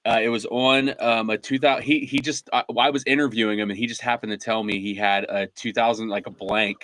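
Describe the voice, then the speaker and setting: A man hosting a podcast, telling stories in a relaxed, chatty way with plenty of fillers. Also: on the low side, a little fast, slight background noise. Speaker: podcast host. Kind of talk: casual interview chat.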